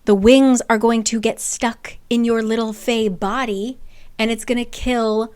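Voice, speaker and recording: An angry young woman, cutting and cursing, her voice smooth and clear and set a little high, as a woman recaps a story and puts her on. She snaps at whoever crosses her. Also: fairly even intonation, measured pace, darkish tone, lightly acted. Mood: furious. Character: fierce furious young woman warrior.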